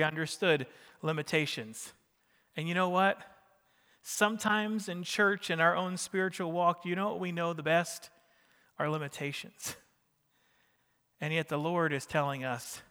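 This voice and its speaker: A man's voice: high voice, pushed and bright, smooth, in a large hall. A man preaching a sermon in a church, talking casually with the congregation and joking with them as he goes. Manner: conversational preaching with jokes and questions to the congregation. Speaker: pastor.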